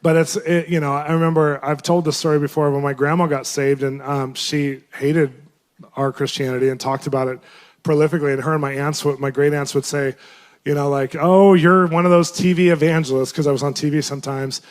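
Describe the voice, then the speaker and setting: A man with a slightly high voice tells his testimony as a minister. He speaks with animation and laughs often. His pitch leaps up whenever he acts out his own surprised reactions. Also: a little fast. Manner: lively, laughs often, voice jumps up for quoted reactions. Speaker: Christian minister sharing a testimony. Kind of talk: animated personal storytelling.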